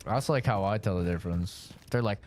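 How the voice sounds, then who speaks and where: A man's voice: fairly low pitch, a little fast, a little mellow, a little hiss or hum. A man streaming a game, chatting casually in a rambling, joking way with lots of fillers. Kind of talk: casual chat while gaming.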